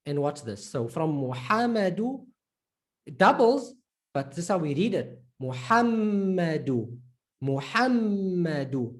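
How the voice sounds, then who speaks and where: A woman teaching an online lesson, patiently repeating points, checking in with learners and slowly drawing out example words. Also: low-pitched, big pitch swings, darkish tone. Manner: slowly drawn-out word demonstrations. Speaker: Arabic reading teacher.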